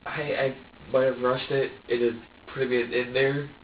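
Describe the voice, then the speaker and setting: A man's voice: mid-range voice, flat delivery, a little hiss or hum. Stammering man heard from far off. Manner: halting, stammering, many restarts; acts out his own past words. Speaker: suspect being questioned. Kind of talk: police interrogation. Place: interrogation room. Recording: distant echoey phone-like archive audio.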